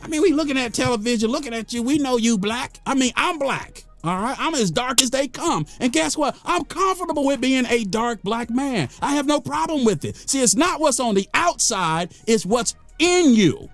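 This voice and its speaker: An American man talks straight to the camera in a fired-up, preachy monologue, his high voice leaping all over the place. He hammers points home by repeating phrases. The sound is dry and close, with faint music underneath. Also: normal speed, hardly any pauses, dry recording. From United States. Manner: gets worked up, then calms himself. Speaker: vlogger.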